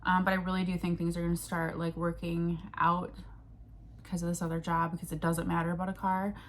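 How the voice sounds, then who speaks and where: A woman's voice: on the low side, flat delivery, brisk. Rambling, swearing young woman. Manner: rambling, swears freely, restarts and jumps between thoughts. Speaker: vlogger. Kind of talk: casual venting vlog. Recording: faint background noise.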